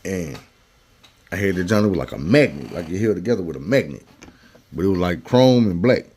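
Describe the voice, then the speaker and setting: A man with a fairly low voice spins a personal story in loose, slangy everyday talk. He keeps it conversational and jumps into the voices of the people he quotes. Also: lively intonation, brisk, darkish tone, breathy edge. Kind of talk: casual storytelling.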